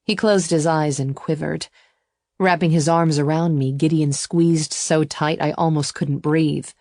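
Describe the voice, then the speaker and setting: A woman narrating a first-person romance audiobook in an even, intimate storytelling voice. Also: low-pitched, unhurried, no echo, studio quality.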